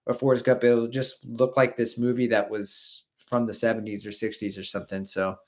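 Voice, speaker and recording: A man's voice: medium pitch, level tone, normal speed. A man in his forties hosting a live stream, chatting casually in a rambling way and reading out viewer comments. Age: 40s. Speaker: podcast host.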